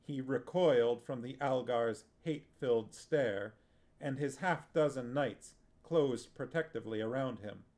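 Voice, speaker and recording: A man streaming himself reading a fantasy novel aloud in a steady, unhurried way and adding casual asides. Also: mid-range voice. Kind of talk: book narration with chat asides.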